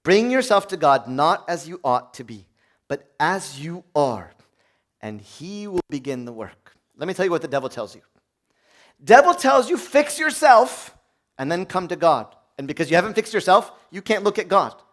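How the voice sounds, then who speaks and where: A man, a priest, preaching a sermon in a conversational way, asking the audience questions and swinging from hushed prayer to loud exclamation. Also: fairly high pitch, lively intonation, moderate pace.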